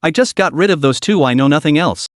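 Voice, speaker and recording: A man's voice: on the high side, animated, fast, no echo, close to an everyday voice. Give me a man playing a cowardly gangster who stammers and pleads, with a dry close sound. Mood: pleading. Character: cowardly male gang rival, lying and pleading.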